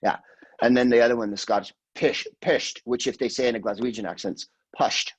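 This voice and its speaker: A man's voice: mid-range voice, fairly even intonation, quick pace, breathy edge, rough recording. A man in his sixties, a guest comedian, telling rambling, profane stories in casual podcast chat and slipping into quoted voices. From California, USA.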